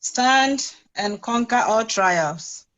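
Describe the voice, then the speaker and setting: A woman's voice: on the high side, lively intonation, very slow, a bit bright, lo-fi sound. Woman student reading lines aloud. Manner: reads lyric lines aloud for the class.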